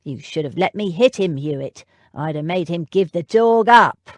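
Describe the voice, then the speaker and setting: A woman voicing a blunt young male footman who is gruff and scornful, in an audiobook. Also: lowish voice, lively intonation, moderate pace, dry recording, close to an everyday voice. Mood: aggrieved.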